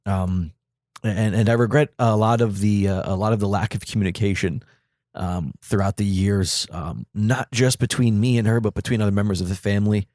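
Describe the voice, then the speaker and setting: A man hosting a podcast, speaking from the heart in a halting, grieving monologue full of fillers and restarts. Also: fairly low pitch, steady tone, darkish tone, dry recording, clean studio sound. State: grieving, voice catching. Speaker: podcast host.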